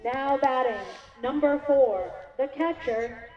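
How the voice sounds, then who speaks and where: A woman announces the batters over a ballpark PA in a high, slow voice, stretching out each name. The sound is far away and echoey. It comes through dull and muffled. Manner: slow, drawn-out names. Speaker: stadium PA announcer. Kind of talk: formal lineup announcing.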